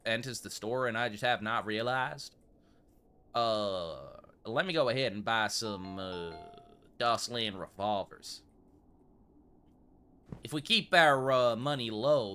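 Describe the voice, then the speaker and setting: Smooth and sharp in a mid-range voice, this male streamer plays a shop game with casual commentary, slipping into a courteous old-west shopkeeper role with an affected regal accent and addressing customers as sir and ma'am.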